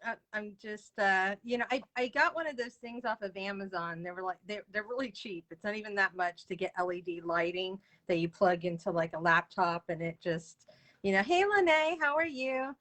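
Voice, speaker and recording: A woman's voice: mid-range voice, lively intonation, normal speed, fairly bright tone. A woman hosting a live video interview, chatting casually and greeting viewers by name. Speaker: livestream interview host. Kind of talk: casual live-stream chat. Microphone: video call.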